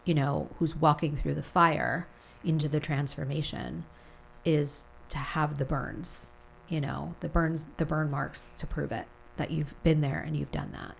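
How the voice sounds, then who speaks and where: Low-voiced woman hosting a heartfelt podcast. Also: vocal fry, a little hiss or hum, poor audio. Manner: slow, soothing guided reflection with long lists. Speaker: podcast host. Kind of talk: heartfelt interview.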